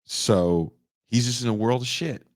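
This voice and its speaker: A man in his forties casually reviewing a film, profane and animated, acting out the characters' lines. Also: medium pitch, a little slow, no room sound, clean studio sound. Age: 40s. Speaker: podcast host reviewing a film.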